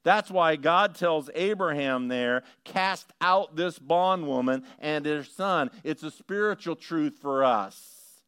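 A middle-aged male pastor, preaching a sermon. He moves from quiet storytelling to rising, emphatic questions. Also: fairly high pitch, takes it slowly, clean tone, no room sound, studio quality.

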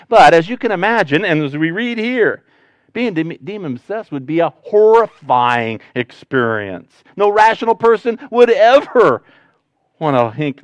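A male pastor preaching a conversational sermon to his congregation, switching between loud, animated rises and quiet, low asides. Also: dry recording, dull audio.

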